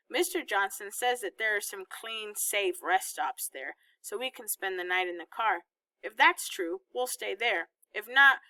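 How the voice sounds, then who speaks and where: A woman reading as an organized, patient mother who calmly explains a trip plan step by step. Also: mid-range voice, dry recording.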